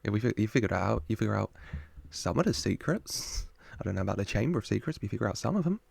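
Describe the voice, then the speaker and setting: Gravelly low-voiced man reacting. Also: expressive, fast, a little mellow. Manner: chatty, laughs often, jokes with the screen. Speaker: reaction video host. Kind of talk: casual film reaction commentary.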